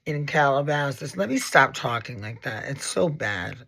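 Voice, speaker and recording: Sassy, gravelly man rambling through a makeup tutorial. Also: medium pitch, big pitch swings, measured pace, sharp tone. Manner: sassy, dramatic, rambling, full of asides and swearing. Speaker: makeup artist and educator. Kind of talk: casual makeup tutorial vlog.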